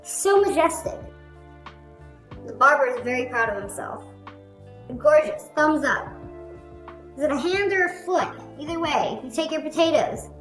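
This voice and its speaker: A woman hosting a reaction video, making animated, sarcastic jokes in a casual commentary style. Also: high-pitched, normal speed, pauses often. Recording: roomy echo with faint music.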